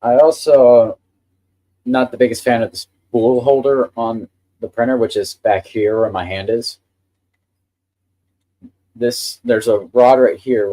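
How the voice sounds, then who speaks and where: A man's voice: medium pitch, mellow. A man hosting a casual live stream, chatting with enthusiasm about the printer he is handling. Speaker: livestream host.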